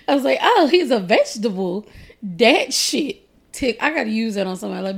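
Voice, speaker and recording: A woman's voice: fairly high pitch, very animated, moderate pace, vocal fry, breathy edge. A woman co-hosting a podcast in casual chat, blunt, teasing and profane. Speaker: podcast co-host.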